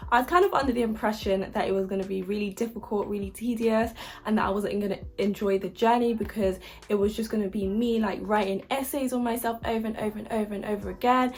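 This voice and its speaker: A woman's voice: medium pitch, fairly even intonation, fast, darkish tone. A young woman from the UK giving casual advice about university applications, chatty and upbeat with frequent fillers. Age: young adult. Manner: chatty and upbeat, lots of likes and ums.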